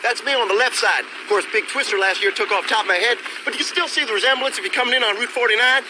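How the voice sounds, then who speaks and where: A man's voice: extremely high pitch, fast talker, background noise. An actor playing a chatty small-town male deputy sheriff, rambling on in a put-on Southern accent. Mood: folksy rambling. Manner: rambling, folksy drawl. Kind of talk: film dialogue.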